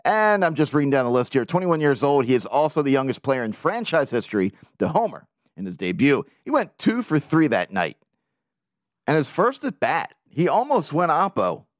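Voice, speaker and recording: Male podcast host, animated fan, profane and lively, dry booth sound. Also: fairly high pitch, normal speed, no room sound. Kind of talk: casual sports podcast talk.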